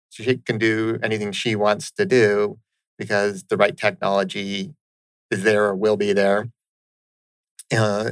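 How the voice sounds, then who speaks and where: A man's voice: fairly low pitch, fairly bright tone, clean tone, no echo, poor audio. A man hosting a conversational interview, earnest and affirming, often checking in with "right?". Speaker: interviewer host.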